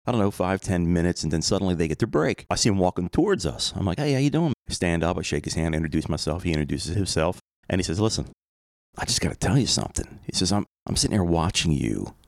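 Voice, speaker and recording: Middle-aged Philly man, very low voice, dry close mic, reflective storyteller who wanders into asides. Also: fast, creaky, no room sound. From Philadelphia area, USA. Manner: conversational, reflective, rambling asides. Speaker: podcast host. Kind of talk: personal storytelling monologue.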